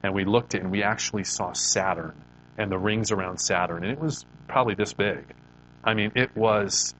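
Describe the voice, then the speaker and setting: A man's voice: fairly low pitch, steady tone, moderate pace, a bit bright, a little hiss or hum, poor audio. A man giving an earnest, conversational Christian devotional talk. He often repeats words as he restarts his sentences. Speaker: Christian speaker.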